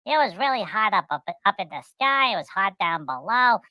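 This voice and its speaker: A woman's voice: medium pitch, lively intonation, normal speed, dry recording, dull audio, lightly acted. A woman voicing a cheerful podcast guest who rambles, repeats words and talks about itself in the third person. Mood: chatty. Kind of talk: rambling storytelling chat.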